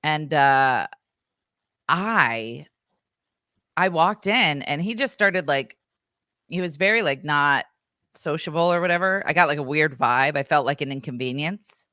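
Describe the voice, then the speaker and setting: A woman's voice: deep voice, expressive, a little slow, pauses often, bright, forceful tone, no echo, studio quality. A woman in her thirties co-hosting a podcast, chatting casually through a story with lots of fillers and acted-out quotes. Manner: chatty, filler-heavy, acts out quoted voices. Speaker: podcast co-host.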